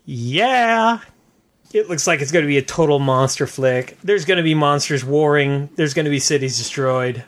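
A man's voice: on the high side, moderate pace. A man co-hosting a casual podcast chat who talks with eager enthusiasm. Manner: enthusiastic, excitable. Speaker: podcast co-host.

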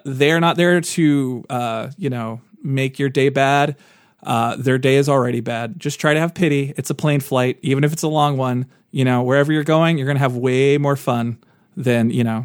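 A man co-hosting a podcast, chatting casually with quick jokes and asides. His voice sits a little high. The sound is dry and close, with no room around it. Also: no echo. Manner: jokey, animated, quick asides. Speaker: podcast co-host. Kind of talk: casual chat.

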